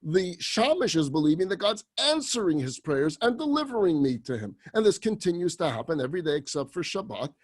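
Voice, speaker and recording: A rabbi telling a story in a sermon, animated and dramatic. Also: male voice, fairly high pitch, brisk, few pauses.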